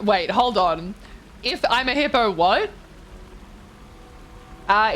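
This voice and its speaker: A young woman with a lowish, slightly bright voice streams a game while touring game houses, with slight background noise. She chats casually, reads chat aloud and reacts with gasps and swearing.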